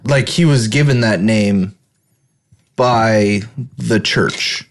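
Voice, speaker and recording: A man's voice: fairly low pitch, extremely slow. Blunt, swearing man in casual chat. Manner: blunt, profane. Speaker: podcast co-host.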